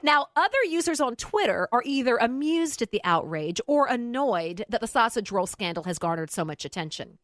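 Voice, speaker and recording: A woman's voice: on the high side, sing-song, normal speed, hardly any pauses, a bit bright, no room sound, studio quality. A woman co-hosting a radio show, chatting casually and reading listener posts aloud with her own asides. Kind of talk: casual talk radio chat.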